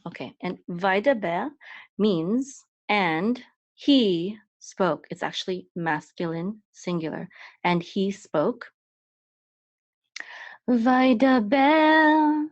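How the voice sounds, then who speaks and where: A woman's voice: lowish voice, no echo. A woman teaching a Hebrew reading lesson step by step, patiently repeating each sound several times. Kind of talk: slow step-by-step language lesson. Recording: dull dry lo-fi recording.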